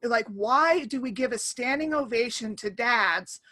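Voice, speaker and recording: A woman in her thirties hosting a casual chat over an online call, animated and laughing, often acting out quoted voices. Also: a little high, a little slow. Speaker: podcast host.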